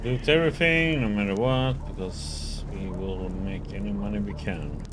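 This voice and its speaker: A man's voice: lowish voice, normal speed, background noise. A man casually commenting on his own game playthrough, muttering to himself as he loots. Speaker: game streamer.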